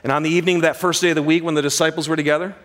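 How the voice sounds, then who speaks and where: A man preaching a sermon as a pastor, swinging from hushed, dramatic lows to loud, excited bursts, with jokey asides. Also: racing.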